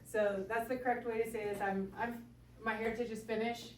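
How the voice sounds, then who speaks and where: A woman's voice: fairly high pitch, level tone, a little fast, slight background noise. A woman chiropractor explaining health topics to a small group, checking in with a frequent "okay?". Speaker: chiropractor giving a talk. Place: room with a small audience. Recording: echoey room, voice from far off.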